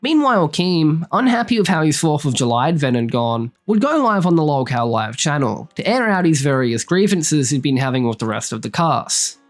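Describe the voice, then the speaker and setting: A narrator reading a scripted commentary in a measured way. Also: medium pitch, sing-song. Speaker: video narrator.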